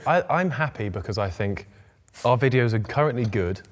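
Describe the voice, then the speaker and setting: A man's voice: medium pitch, lively intonation, normal speed, big-room sound. An English man in casual chat as a co-host, upbeat and enthusiastic.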